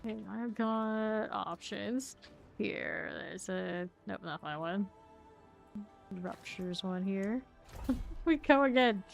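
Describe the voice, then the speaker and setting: A woman streaming a video game, chatting casually with her viewers and reacting with quick asides and laughs. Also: medium pitch, gravelly, soft background music. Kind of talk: casual chat while playing.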